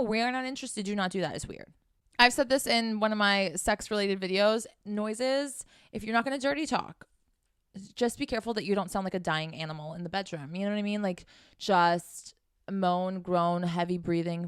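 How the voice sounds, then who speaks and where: A woman's voice: medium pitch, clean tone, no echo, clean studio sound. Frank, profane woman giving dating advice. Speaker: dating and sex coach. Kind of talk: casual advice vlog.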